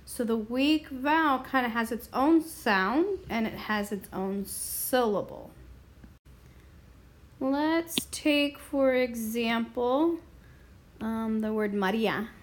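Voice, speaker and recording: A woman explaining a Spanish grammar lesson in a slow, deliberate way, stopping now and then to clear her throat. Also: on the high side. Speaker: Spanish teacher.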